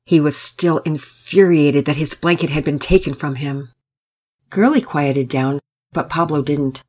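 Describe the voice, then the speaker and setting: A woman's voice: sits low, measured pace, darkish tone, breathy edge. A woman hosting and narrating a children's family story, reading it aloud. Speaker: storyteller and host.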